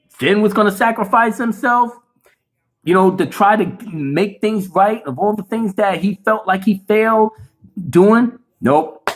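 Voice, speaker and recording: A man doing a profane, animated film review rant, cursing freely and acting out the scenes he describes. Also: a little high. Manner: animated, swears a lot, acts out scenes. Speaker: movie reviewer.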